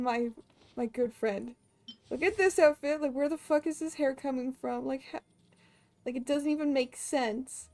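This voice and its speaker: A woman streamer chatting casually while gaming, excitable and gushing, swearing freely. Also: high voice, normal speed, soft background music. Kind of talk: casual gameplay chat.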